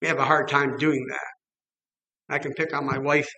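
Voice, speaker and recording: A middle-aged man preaching a sermon in an animated way, acting out the people he quotes and chuckling often. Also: medium pitch, moderate pace, gravelly, rough recording.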